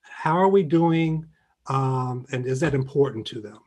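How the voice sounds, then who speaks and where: Husky man presenting survey findings. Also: medium pitch, unhurried, a little mellow. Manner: explanatory, many fillers and restarts. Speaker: faculty presenter. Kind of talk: presenting survey results at a meeting.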